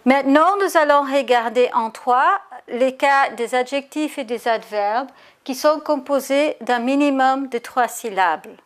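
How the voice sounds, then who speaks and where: A woman teaching an English grammar lesson, explaining each point in French and then repeating it in English, slowing down on the example words. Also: sits high. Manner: slows down to spell out example words. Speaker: language teacher.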